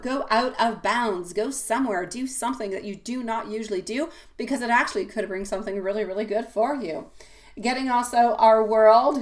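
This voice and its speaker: A woman giving a live-stream tarot reading, delivering an encouraging, affectionate pep talk full of pet names. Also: a little high. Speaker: tarot reader.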